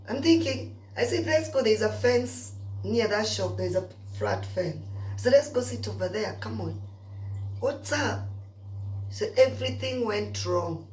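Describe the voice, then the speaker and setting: Brief: high-pitched woman vlogger, gossipy storyteller, roomy echo. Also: a little slow, slight background noise. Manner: animated gossipy storytelling with asides to viewers. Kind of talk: chatty storytelling rant.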